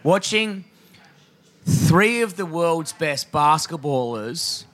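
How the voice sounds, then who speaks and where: A man's voice: a little high, expressive, slow, fairly bright tone. An Australian man, a comedian, chatting casually in a green room, blunt, sweary and rambling. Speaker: comedian guest. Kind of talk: casual backstage chat.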